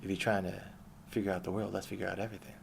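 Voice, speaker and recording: A young man rants to camera in a profane, sarcastic, rambling way, jumping from loud outbursts to low mutters. His voice sits fairly low with a gravelly, fried edge. A faint hiss of background noise runs under it. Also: little pitch movement, rapid-fire. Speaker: vlogger. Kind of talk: ranting monologue to camera.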